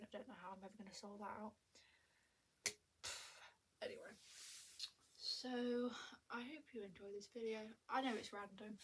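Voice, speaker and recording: A woman's voice: mid-range voice, a little hiss or hum. A young woman vlogging at home into a tablet camera, chatty and self-mocking, a little out of breath and often half-whispering. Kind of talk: rambling casual chat to camera. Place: at home indoors.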